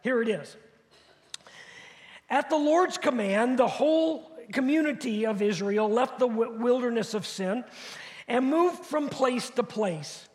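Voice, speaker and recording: Very high-voiced preacher in a reverberant church. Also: male voice, lively intonation, unhurried. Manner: conversational preaching with rhetorical questions and repetition. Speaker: pastor. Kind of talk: sermon. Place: church sanctuary. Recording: long hall reverb.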